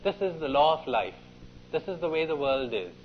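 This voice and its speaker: A man's voice: a little high, sing-song, moderate pace, highs cut off, slight background noise. A man voicing an old, worn-out male donkey who speaks wearily and bitterly. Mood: weary. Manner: weary, bitter.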